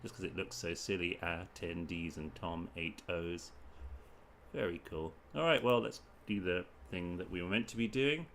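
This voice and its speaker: A British streamer with a deep, fairly bright voice thinks aloud while solving crossword clues, muttering in short bursts at a moderate pace. There's a little hiss or hum on the recording.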